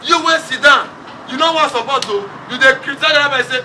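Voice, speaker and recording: This funeral preacher has a Nigerian accent and a very high, sharp voice that moves at a quick pace. Mixing Pidgin with English, he prompts the congregation to respond, heard through a distant microphone over crowd and background noise.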